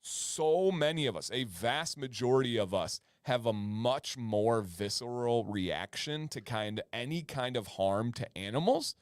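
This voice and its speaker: A man's voice: mid-range voice, animated, unhurried, hardly any pauses, no room sound, studio quality. A man co-hosting a livestream in a casual, enthusiastic chat, laughing often. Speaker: livestream co-host.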